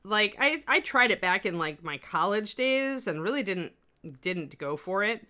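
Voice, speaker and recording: Her voice is medium-pitched, animated and a bit slow, with a pushed, bright quality. She's a woman with a faint West Coast accent teaching miniature sculpting on a live stream, chatty and prone to rambling asides as she works.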